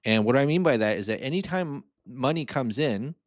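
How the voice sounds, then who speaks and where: Here a man with a medium-pitched, animated voice talks at a normal speed while going over a spreadsheet for his personal finance channel. It's an informal, chatty explainer packed with fillers and asides, recorded cleanly in a studio with no room sound.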